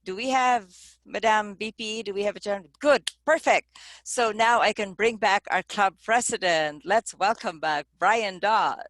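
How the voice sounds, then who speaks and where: A woman's voice: mid-range voice, a little slow, fairly bright tone. A woman chairing an online meeting over a video call, in a chatty, self-deprecating manner.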